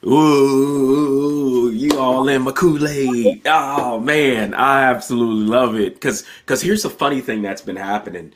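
A man's voice: mid-range voice, measured pace, hardly any pauses. A man hosting a podcast conversation, enthusiastic and emphatic with a folksy way of talking.

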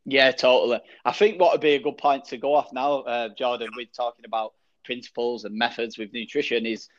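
A man hosting a podcast interview, relaxed and swearing casually. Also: mid-range voice, brisk. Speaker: podcast host. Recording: dull lo-fi sound.

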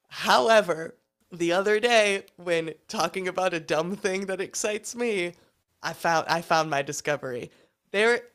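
A woman's voice: fairly low pitch, a bit bright. A young woman co-hosting a podcast in casual chat, enthusiastic, laughing as she talks and swearing now and then. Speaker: podcast co-host.

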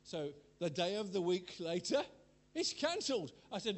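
A man's voice: high voice, sing-song, moderate pace, few pauses. An older man preaching a sermon in a chatty, rambling way, laughing at himself as he tells personal stories.

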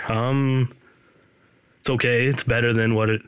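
Rambling podcast host, smooth voice. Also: male voice, medium pitch, a little slow, pauses often, dry recording. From Canada. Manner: rambling, deadpan, self-deprecating. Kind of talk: casual solo podcast monologue.

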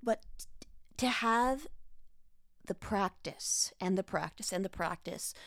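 A woman's voice: medium pitch, takes it slowly, no echo, studio quality. A woman hosting a solo book podcast, chatting casually with wry, self-mocking asides. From United States. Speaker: podcast host reviewing books.

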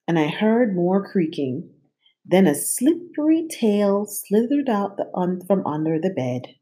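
A woman reading a children's storybook aloud. Her voice swings widely as she plays up each moment. She keeps an easy, slow pace. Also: fairly low pitch. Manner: animated, playful. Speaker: storybook reader.

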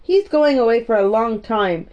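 A woman's voice: a little high, lively intonation, normal speed, darkish tone, close to an everyday voice. Woman doing a chatty maid. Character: cheerful young Yorkshire housemaid. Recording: muffled lo-fi recording.

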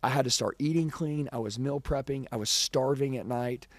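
A man's voice: mid-range voice, normal speed, dry recording. A man in his forties, a sales trainer, giving an intense, emphatic motivational talk full of personal storytelling.

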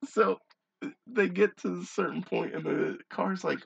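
A man's voice: unhurried, creaky, husky, highs cut off. A man hosting a podcast, reading listener stories aloud and chatting about them in a casual, joking way. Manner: reads in a low, hushed tone, then gets loud and excitable. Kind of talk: casual storytelling chat.

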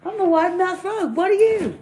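A woman voicing a cheery, naive small male frog in a joke, squeaky and eager. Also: animated, a little fast, warm tone. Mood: chirpy.

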